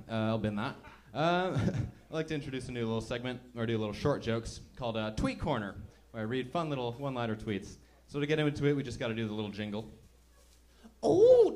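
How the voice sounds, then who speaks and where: A man doing stand-up on a club stage, talking in an easy, chatty way at a middle pitch. He mocks himself and keeps slipping into little put-on voices. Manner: chatty, self-mocking, acts out voices. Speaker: stand-up comedian. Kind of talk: stand-up comedy set.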